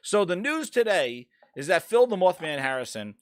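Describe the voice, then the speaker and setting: A man hosting a casual gaming podcast, ranting loudly and swearing as he talks through the news. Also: high voice, normal speed, no room sound, clean studio sound. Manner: ranting, profane, animated. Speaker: podcast host.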